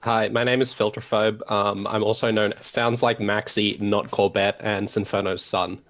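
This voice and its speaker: An Australian man on a voice call, calmly explaining a card game in a measured way, with frequent "um" pauses. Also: on the low side. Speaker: guest deck expert. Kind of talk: casual explanatory chat over voice call.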